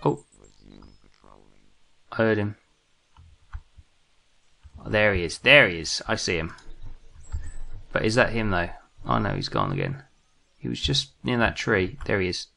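British man, gravelly low voice, bright edge, nervous muttering game commentary. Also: big pitch swings, unhurried, pauses often. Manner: jumpy, muttering to himself, self-mocking. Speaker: gaming commentator. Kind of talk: let's play commentary.

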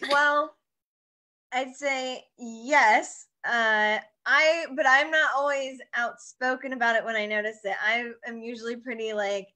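A woman's voice: fairly high pitch, fairly even intonation, unhurried, pushed and bright. A woman co-hosting a podcast, chatting casually with many fillers and frequent laughs. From United States. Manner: laughs often, loose with fillers. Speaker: podcast co-host. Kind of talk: casual chat.

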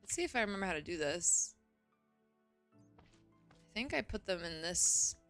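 A young woman streaming a game, chatting casually and gushing with excitement, often exclaiming and swearing. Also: on the low side, normal speed, soft background music. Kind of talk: casual live gaming commentary.

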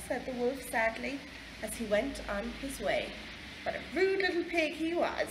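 A woman with an Irish accent reading a picture book aloud to children in a library, slow and expressive. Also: high voice. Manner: slow, expressive, lively storytelling. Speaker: library storyteller. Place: library room. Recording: echoey library room, faint background noise.

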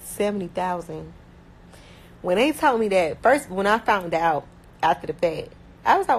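A young woman from Miami with a Miami accent, chatting casually and bluntly, talking fast with lots of slang and filler words. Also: mid-range voice, expressive, a little hiss or hum, low-quality recording. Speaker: rapper talking about her life. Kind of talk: casual chat.

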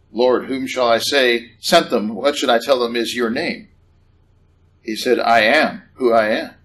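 A man preaching a sermon in a church, conversational and animated, rising in pitch on questions. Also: a little hiss or hum, rough recording. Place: church hall.

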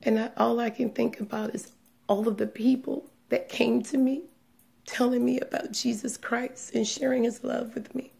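A woman giving a personal religious testimony, speaking in a hushed, trembling way that often sinks into a whisper, close to tears. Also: fairly high pitch, little pitch movement, normal speed, creaky. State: tearful, on the verge of crying.

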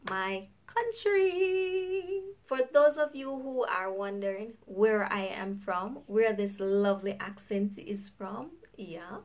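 A woman's voice: mid-range voice, unhurried, few pauses, a little mellow. A woman with a Jamaican accent, hosting her own vlog in an upbeat, chatty way and laughing often. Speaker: YouTuber host. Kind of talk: casual vlog chat.

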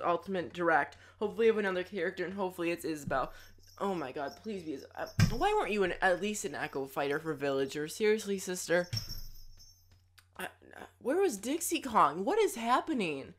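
A woman reacting to a game trailer as a YouTuber, gushing and excitable, with loud exclamations and jokey asides. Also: on the low side, a little fast, slight background noise.

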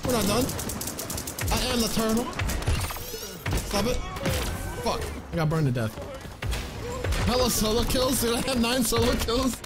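A man streaming a game, giving loud, hyped, boastful commentary full of swearing. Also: very high-pitched, unhurried, pauses often. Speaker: gaming streamer. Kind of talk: excited gameplay commentary. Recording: game music loud behind voice. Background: loud game music.

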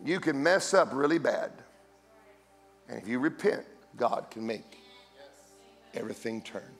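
A guest preacher, middle-aged, talks a little slowly as soft music plays behind his sermon. He tells stories, jokes around and animatedly voices the dialogue with large pitch swings.

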